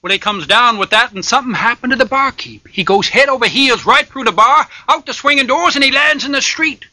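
A man telling a folk tale in a lively, folksy way, dropping to loud whispers for suspense, with a raspy voice. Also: extremely high pitch, brisk, dry recording. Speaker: storyteller. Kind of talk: told folk tale with sung bits.

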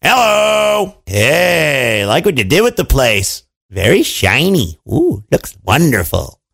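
A man voicing a cheeky, wisecracking magic bird in a storybook who playfully mishears things, with a gravelly, lively voice. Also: medium pitch, slow, full character voice. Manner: playful, mishearing on purpose, breezy.

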